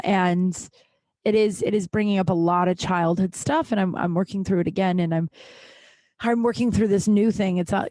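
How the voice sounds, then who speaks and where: A woman's voice: on the low side, darkish tone, no echo, studio quality. A woman hosting her own podcast, talking frankly and ramblingly with many restarts and casual swearing. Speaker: podcast host. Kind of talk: candid solo podcast monologue.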